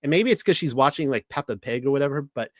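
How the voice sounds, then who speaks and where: A man in his thirties with a Californian accent, rambling through a casual monologue as host. He halts, restarts and fills the gaps with "uh" and "um". His voice sits at a middle pitch, recorded close and dry with no room sound. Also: expressive, no echo. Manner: rambling, halting, with many restarts and fillers.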